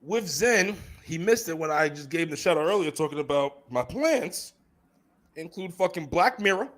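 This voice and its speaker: A young man co-hosting a podcast in casual chat, animated and laughing often, with frequent swearing. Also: on the high side, normal speed. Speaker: podcast co-host.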